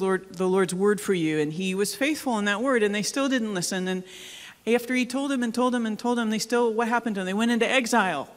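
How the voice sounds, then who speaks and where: A woman pastor giving a sermon in a casual, joking way, often asking the congregation questions. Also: medium pitch. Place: church hall. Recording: long hall reverb.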